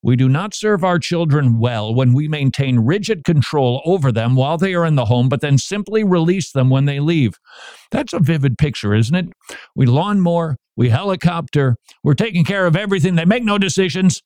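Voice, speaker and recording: Man, Christian radio talk host, lively pitch, dry close studio sound, animated delivery with quoted asides. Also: normal speed, dry recording.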